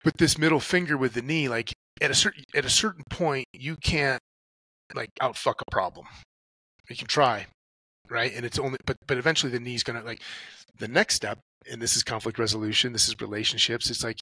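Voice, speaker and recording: A man talks casually as a podcast guest. He acts out little inner dialogues and swears freely as he tells stories. His voice is bright and forceful, and the sound is dry, with no room echo. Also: mid-range voice, steady tone, fairly quick, slightly rough. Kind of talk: casual conversational talk.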